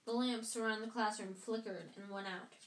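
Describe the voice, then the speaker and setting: At home, a woman casually reads a novel aloud as an amateur audiobook reader, sometimes stumbling and rereading lines. Her mid-range voice is steady at a moderate pace, and the recording has a roomy echo.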